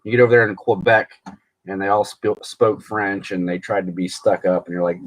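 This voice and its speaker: His voice sits low with a level tone, and he talks fairly quickly. He's casually chatting on a live stream about his baseball card collection, rambling along while reading viewers' comments aloud and replying to them.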